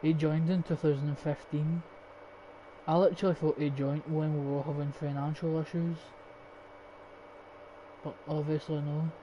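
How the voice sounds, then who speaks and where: Young scottish guy streaming a football game, rambling and sweary, bit high-pitched, muffled mic. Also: level tone, normal speed, long pauses. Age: young adult. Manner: swears often, rambling and opinionated. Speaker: gaming streamer. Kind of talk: casual gameplay commentary. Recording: dull lo-fi stream mic with faint hiss.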